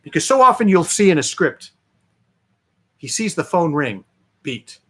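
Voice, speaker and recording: A man, a film director, chatting as a guest and telling lively anecdotes with many fillers. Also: fairly high pitch, measured pace, slightly rough. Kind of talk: interview storytelling.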